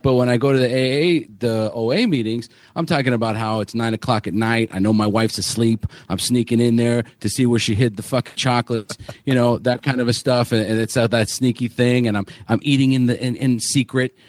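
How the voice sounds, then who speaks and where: Joking, blunt podcast host, dry sound. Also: male voice, mid-range voice, steady tone, brisk, darkish tone, no echo. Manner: joking, blunt, swears freely. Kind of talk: casual panel discussion.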